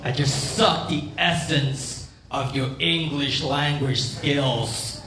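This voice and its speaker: Slow Korean-accented stand-up comic. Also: male voice, mid-range voice. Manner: slow, deliberate delivery with deadpan punchlines. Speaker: stand-up comedian. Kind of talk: stand-up comedy set. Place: comedy club stage. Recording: roomy club sound with faint room noise.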